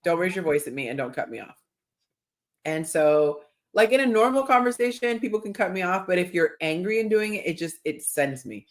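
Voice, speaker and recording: A woman hosting a podcast in casual chat, telling stories with animated quoted voices. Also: fairly low pitch, fairly quick. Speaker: podcast host.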